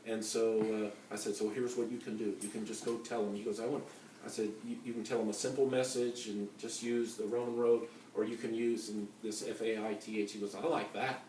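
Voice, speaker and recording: A man's voice: lowish voice, little pitch movement, fairly quick, mellow, a little hiss or hum. A man telling a personal testimony at a conference, rambling, with many fillers and restarts. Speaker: conference speaker. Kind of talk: storytelling testimony. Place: conference center hall. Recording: echoey hall, mic from far off.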